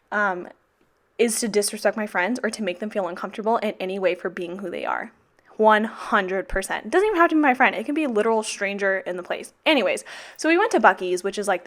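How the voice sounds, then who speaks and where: A woman's voice: mid-range voice, fairly bright tone. Young woman doing a casual planner vlog, chatty, blunt, swears a ton. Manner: chatty, blunt and heavily profane. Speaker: teacher vlogger. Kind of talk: casual plan-with-me vlog chat.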